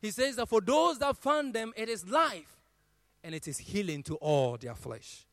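A man's voice: high voice, animated, a little slow, a bit bright, no echo. A man preaching a sermon who quotes scripture in a rising, sung cadence and swells his voice on key lines.

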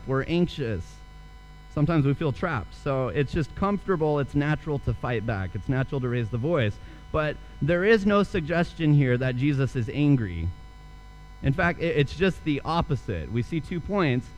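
A man's voice: on the high side, low-quality recording. Earnest young male preacher. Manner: storytelling, earnest preaching with rhetorical questions. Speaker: pastor. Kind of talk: sermon.

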